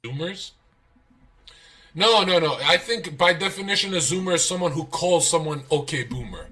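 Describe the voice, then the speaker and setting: Bright, higher-voiced young man. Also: normal speed. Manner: profane, animated storytelling, laughs, acts out quotes. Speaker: streamer guest. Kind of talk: casual livestream chat.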